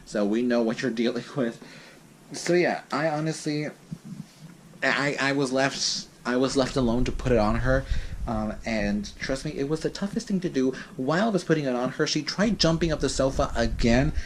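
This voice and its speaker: Young male vlogger, chatty and dramatic, mid-pitch voice, faint hiss behind. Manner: chatty and dramatic, with restarts and laughs. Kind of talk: casual vlog talk. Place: home.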